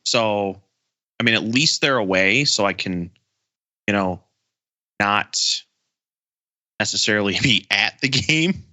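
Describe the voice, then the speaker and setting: A man co-hosting a sports podcast, talking in excited casual chat with frequent stammered restarts. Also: lowish voice, takes it slowly, pauses often. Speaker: podcast co-host.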